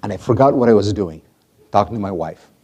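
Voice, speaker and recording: A middle-aged man preaching a sermon, telling stories dramatically and swinging from loud to hushed. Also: on the low side, lively intonation, fairly quick. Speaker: pastor.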